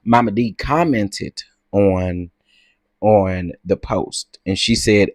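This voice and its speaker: A man's voice: fairly low pitch, slow pace, no room sound, studio quality. A man hosting a livestream, chatting casually and gossiping as he reads out comments. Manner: chatty, gossipy, says "y'all" and "girl". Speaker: livestream host. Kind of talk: casual chat reading comments.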